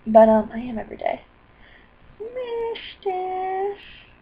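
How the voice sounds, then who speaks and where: A woman's voice: fairly high pitch, moderate pace, a little hiss or hum. Rambling, apologetic young-sounding woman on a webcam. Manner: scattered and apologetic, with excited bursts. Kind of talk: rambling personal video diary. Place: indoors at a computer. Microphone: built-in computer webcam mic. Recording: dull lo-fi webcam audio.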